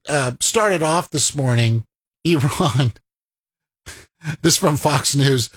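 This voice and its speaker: A middle-aged man hosts a political radio talk show, wry and sardonic, often chuckling at his own points. His voice is somewhat husky, and his pitch rises and falls a great deal. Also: a bit bright.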